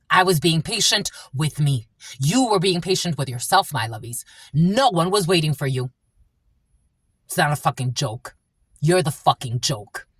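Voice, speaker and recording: A woman's voice: low voice, a bit bright, breathy edge, no room sound, clean studio sound. A woman giving a tarot reading who swears often and repeats herself bluntly. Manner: profane, blunt and repetitive. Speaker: tarot reader. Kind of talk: angry spiritual tarot reading.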